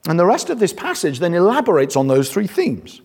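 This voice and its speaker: Lively, husky British preacher in a hall. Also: male voice, high-pitched, fairly quick. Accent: British English. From Britain. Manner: conversational, emphatic, self-deprecating humour. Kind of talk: sermon. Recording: long hall reverb.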